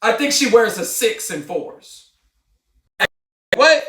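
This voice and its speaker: Heated ranting man, high bright voice. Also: animated, slow, far from the mic. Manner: heated, confrontational, often shouting. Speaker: livestreamer. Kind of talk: ranting livestream monologue. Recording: roomy, off-mic sound.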